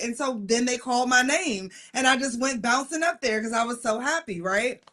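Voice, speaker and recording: A middle-aged woman telling a personal story in casual chat, animated and excitable. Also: sits high, fast talker, hardly any pauses.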